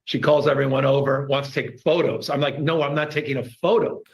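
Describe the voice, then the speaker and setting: A man's voice: medium pitch, steady tone, brisk, rough recording. A man telling an anecdote to an audience, speeding up and pressing hard when he makes his point. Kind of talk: storytelling to an audience.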